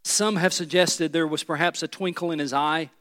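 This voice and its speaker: A male pastor preaches in an earnest, emphatic way, with a notably high voice. He turns to the congregation with rhetorical asides. His words ring out with the long reverb of a large sanctuary. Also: fairly even intonation, moderate pace, fairly bright tone. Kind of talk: sermon.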